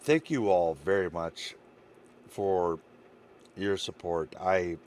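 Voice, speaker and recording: A man's voice: low voice, slow, darkish tone, slight background noise. A man streamer wrapping up a live stream, rambling and heartfelt, getting emotional as he thanks his viewers. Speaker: game streamer. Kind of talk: casual stream sign-off chat.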